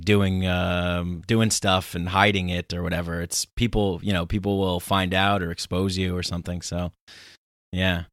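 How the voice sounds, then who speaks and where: A man's voice: deep voice, a bit bright, smooth, no echo. Laid-back male host, dry close sound. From United States. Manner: loose, filler-heavy and laughing. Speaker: podcast host. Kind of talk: casual interview talk.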